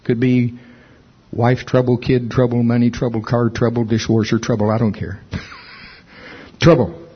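A man preaching a sermon with emphatic delivery, rising in pitch when stirred. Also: flat delivery, a little slow, long pauses, breathy edge, lo-fi sound. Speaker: pastor.

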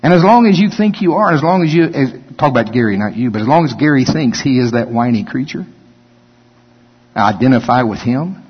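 A man's voice: medium pitch, expressive, a little fast, slightly rough. A man preaching a conversational sermon, joking and acting out whiny voices. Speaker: pastor. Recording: dull sound with long hall reverb.

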